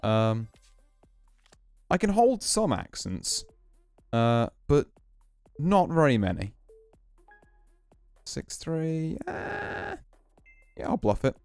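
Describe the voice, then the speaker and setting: A man's voice: on the high side, sing-song, slow pace, pauses often, a little mellow, clean tone, no room sound, faint music behind. A man streaming a poker game, casually musing and explaining his hands as he plays. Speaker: VTuber streamer. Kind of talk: casual poker play commentary.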